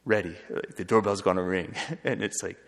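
A man who is a friar, telling a story in an earnest, halting way with frequent restarts. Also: sits low, fairly even intonation, gravelly. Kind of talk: storytelling talk. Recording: long hall reverb.

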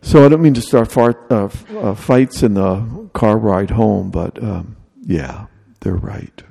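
Male preacher, mellow and husky voice, chatty jokey delivery, reverberant hall. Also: fairly low pitch, takes it slowly. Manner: humorous, conversational preaching with mock dialogue. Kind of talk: sermon.

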